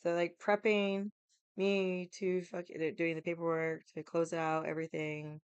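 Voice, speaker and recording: A young woman vlogger tells a story casually and with lots of animation, laughing, swearing, and acting out every voice. Her smooth, clear voice sits on the low side and moves unhurriedly. The audio is dull, dry, and close, with no room echo.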